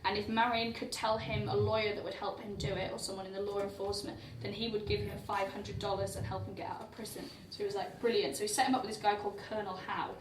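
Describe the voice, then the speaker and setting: A woman's voice: mid-range voice, level tone, quick pace, hardly any pauses, background noise. A woman comedian co-hosting a live show, telling a crime story with a lot of swearing and laughter, acting out the quotes. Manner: laughing often, profane, acts out quotes. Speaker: comedian co-host. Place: windowless venue at a festival, live audience. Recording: roomy live venue from a distant mic.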